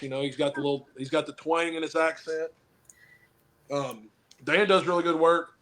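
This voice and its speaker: Man, somewhat high voice, casual podcast chat, rambling, joking, blunt advice. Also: fairly even intonation, normal speed, fairly bright tone. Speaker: pro wrestler and football coach.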